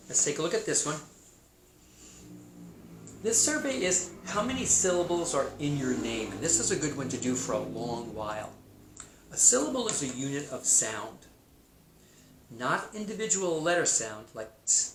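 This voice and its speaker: A male teacher giving a recorded math lesson to young children, speaking slowly and sounding out names syllable by syllable. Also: medium pitch, a bit bright. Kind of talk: kindergarten math video lesson. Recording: echoey room, faint noise.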